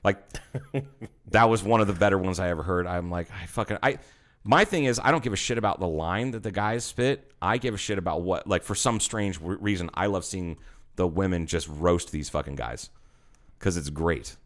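Man in his thirties, low voice, casual podcast host, animated profane storyteller. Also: normal speed. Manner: animated storyteller, swears a lot, acts out quotes.

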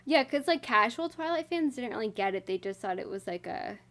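This book-discussion co-host has a slightly high, somewhat bright voice and speaks fairly quickly and animatedly. Thoughtful and quick to laugh, she works through ideas in a casual chat and reads quotes aloud.

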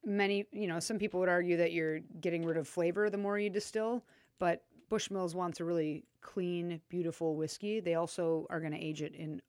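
A woman with a slightly low voice talks in a relaxed, chatty way, full of fillers and small laughs as she explains. The sound is close and dry, with no room around it. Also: fairly quick, no echo. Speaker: co-host talking about drinks. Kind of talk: casual chat.

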